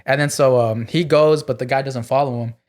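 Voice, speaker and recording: Brief: male comedian guest, mid-pitch, profane rambling anecdote teller. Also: fairly even intonation, fairly quick, darkish tone. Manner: profane, filler-heavy storytelling with many "like"s. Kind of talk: casual podcast storytelling.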